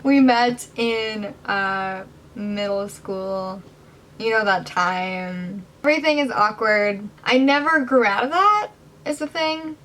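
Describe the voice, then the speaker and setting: A woman's voice: mid-range voice, slow, fairly bright tone, poor audio. A young woman chatting in a casual home vlog, rambling and self-deprecating, sometimes dropping to a whisper. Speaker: vlogger. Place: indoors at home.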